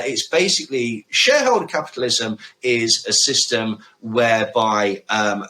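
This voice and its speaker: A man co-hosts a chatty podcast, his voice bright and forward. He talks with an animated, up-and-down delivery and drops in wry, sarcastic asides. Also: on the low side, rough recording. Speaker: podcast co-host. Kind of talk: casual podcast chat.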